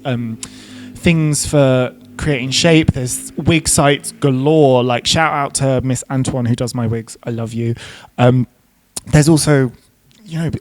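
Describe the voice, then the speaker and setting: A man's voice: mid-range voice, darkish tone. A man in a casual interview about doing drag who is camp and chatty and swears freely between ums and likes. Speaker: drag queen guest.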